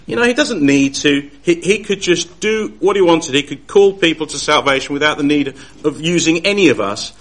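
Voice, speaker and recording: A man's voice: a little high, animated, fairly bright tone. Earnest man teaching from scripture. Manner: earnest, halting with frequent restarts. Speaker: Bible teacher. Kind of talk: Bible study talk.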